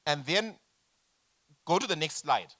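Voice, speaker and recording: A man in his forties leading a business workshop, lecturing in an animated way and asking the room rhetorical questions. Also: a little high, unhurried. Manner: animated, addresses audience directly with rhetorical questions. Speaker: workshop facilitator.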